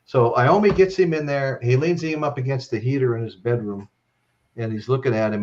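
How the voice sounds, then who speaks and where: A man's voice: mid-range voice, fairly quick, darkish tone, highs cut off. A man hosting a live-stream chat, telling stories in a rambling way and ending lines with "okay?". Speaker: host.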